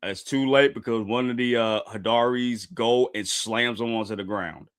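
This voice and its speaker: A man streaming a live reaction to a manga chapter, talking casually to his viewers and bursting into loud, repeated exclamations. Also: mid-range voice, steady tone, moderate pace, clear, resonant tone. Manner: casual slangy talk addressed to viewers.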